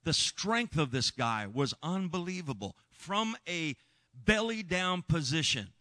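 Earnest preacher, bright voice. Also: male voice, fairly high pitch, expressive, unhurried, no room sound. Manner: earnest, emphatic, shouts when reliving moments. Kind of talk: sermon storytelling.

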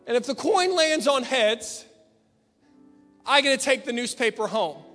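A man's voice: extremely high pitch, lively intonation, a little slow, bright, forceful tone, heavily acted. A man preacher voicing a rich man who keeps pressing a deal, coaxing and pushy. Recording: long church reverb with faint piano.

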